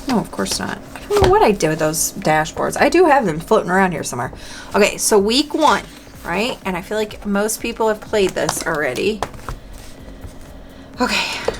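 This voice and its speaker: A woman's voice: medium pitch, slight background noise. A woman hosting a budgeting channel, chatting casually to camera while playing a dice game, talking to herself and counting aloud.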